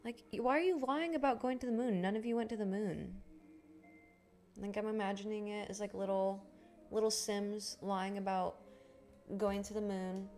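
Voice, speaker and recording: A woman's voice: mid-range voice, steady tone, normal speed, darkish tone, faint music behind. A young woman streamer chatting casually on a live stream, rambling, swearing and laughing often. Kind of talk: casual livestream chat.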